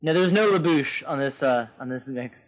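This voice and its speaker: A man co-hosting a casual podcast, playful and joking. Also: a little fast. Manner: playful, breaks into falsetto singing. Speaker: podcast co-host.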